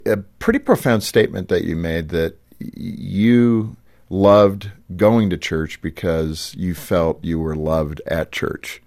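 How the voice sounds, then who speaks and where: Man, very deep voice, radio host, thoughtful halting questions, dry close sound. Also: no echo. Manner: warm affirming interjections, thoughtful, halting questions. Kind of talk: faith radio interview.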